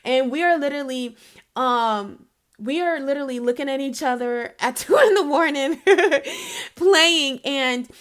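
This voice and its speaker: A woman's voice: sits high, big pitch swings, a little slow. A woman giving a casual spiritual reading to her viewers. She is chatty and emphatic, laughs often, and speaks straight to the listener to encourage them. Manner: encouraging, addresses the listener directly. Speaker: intuitive reader.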